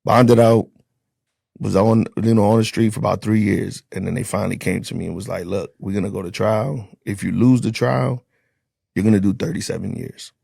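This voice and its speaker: A man's voice: on the low side, steady tone, normal speed, gravelly, a little mellow, husky, no echo, clean studio sound. A man, a former corrections officer, telling his story bluntly in casual, profane speech and acting out the dialogue.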